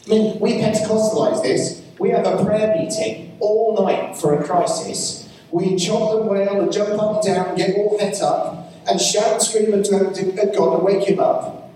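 A man's voice: high-pitched, fairly even intonation, unhurried, mellow, a little hiss or hum. A man preaching a sermon, telling a story and pressing his point with emphatic rhetorical questions. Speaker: pastor. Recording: echoey hall, mic from far off.

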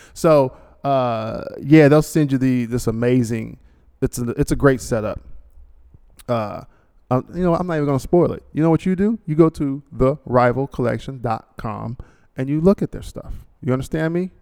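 A man's voice: medium pitch, darkish tone, clean tone. A male podcast host, talking casually alone and rambling through a sponsor read with joking asides and many restarts. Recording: long hall reverb.

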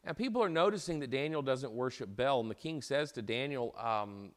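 A man's voice: medium pitch, expressive, a little fast, hardly any pauses. A man teaching an informal lecture as a Bible teacher, retelling a story in a conversational way and often repeating and restarting his words.

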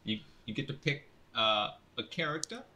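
A man in his twenties chatting casually with friends, explaining things haltingly with many restarts. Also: mid-range voice, animated, pushed and bright, a little hiss or hum. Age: 20s. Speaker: streamer co-host. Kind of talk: casual group chat.

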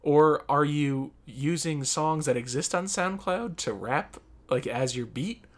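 A man's voice: on the high side, a little slow. A man in his thirties co-hosting a casual chat, asking loose curious questions. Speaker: podcast co-host.

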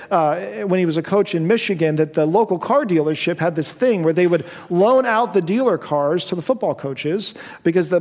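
A man's voice: high-pitched, a little mellow. A man preaching a sermon to a congregation, with an impassioned delivery that rises to emphatic peaks. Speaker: pastor. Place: church sanctuary with congregation. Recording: long church hall reverb.

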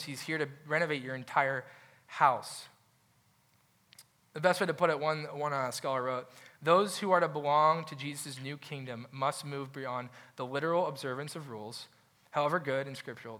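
A young adult man delivering a sermon as a pastor, with a slightly high, forceful and bright voice. He talks in an animated, conversational way, often restarting phrases and playing out quoted voices as he makes his points.

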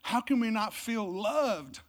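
A pastor preaching a Christmas sermon, swinging from loud, emphatic exclamations to low, hushed delivery. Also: lively intonation, slow pace. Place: church service.

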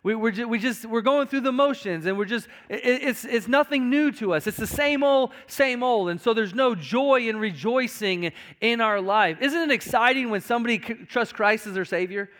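A man's voice: very high-pitched, normal speed, hardly any pauses, a bit bright. A male pastor preaching a sermon to his congregation, emphatic, with frequent repetitions and stammered restarts. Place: church sanctuary.

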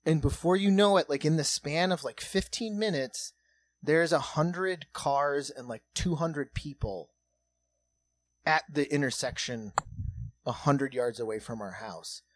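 A man in his thirties hosting a comedy podcast, telling a story casually with lots of swearing. He drops to a hush and then gets loud as it builds. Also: on the high side, a little slow, dry recording. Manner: profane, animated, swings between hushed and loud.

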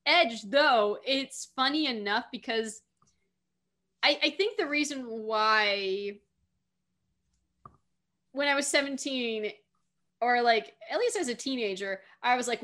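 A woman's voice: on the high side, takes it slowly, pauses often, bright, forceful tone. A woman casually discussing a film, chatty and self-correcting, often laughing. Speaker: podcast co-host.

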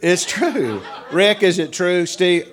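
A man's voice: high-pitched, expressive, slow pace, a bit bright. A male pastor with a thick East Tennessee mountain accent, joking folksily with a congregation as he preaches. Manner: folksy, joking, chuckling storyteller. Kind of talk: humorous sermon to a congregation.

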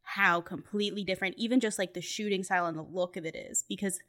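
A woman's voice: mid-range voice, fairly even intonation, quick pace, fairly bright tone. A young woman co-hosting a podcast in casual chat, chatty, laughing often and full of fillers. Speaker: podcast co-host.

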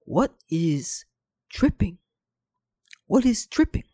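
A man's voice: very high-pitched, lively intonation, extremely slow, pushed and bright, pitched above the performer's own voice, heavily acted. A man voicing a furious middle-aged woman teacher with a heavy accent, shrieking in outrage at the class. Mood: baffled. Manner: shrieking, indignant.

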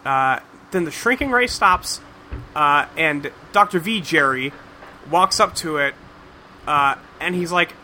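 A man's voice: fairly high pitch, lively intonation, a little slow, bright, forceful tone, a little hiss or hum. A man recapping a cartoon episode in casual chat, rambling and profane, with lots of fillers. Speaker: podcast host recapping a cartoon.

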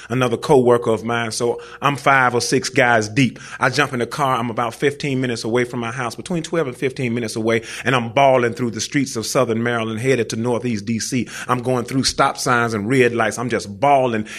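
A man's voice: medium pitch, a bit bright. Slangy man telling a story on stage. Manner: casual slangy conversational telling, talks straight to the audience. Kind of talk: live personal storytelling on stage.

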